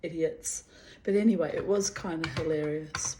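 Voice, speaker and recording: A woman reading her old diary entries aloud and breaking off into animated, laughing, rambling asides. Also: low voice, normal speed, slight background noise, poor audio. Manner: animated, laughing, digressive storyteller.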